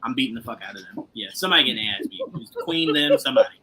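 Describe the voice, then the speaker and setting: A man's voice: mid-range voice, big pitch swings, racing, pushed and bright. A man co-hosting a casual TV recap podcast, joking and laughing often, swearing freely. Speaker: podcast co-host.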